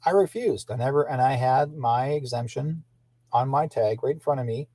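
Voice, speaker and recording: Older man, husky, dry close mic, indignant rambling livestream talk. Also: medium pitch, moderate pace, warm tone, no room sound. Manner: indignant, repetitive, restarts often. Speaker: livestream host.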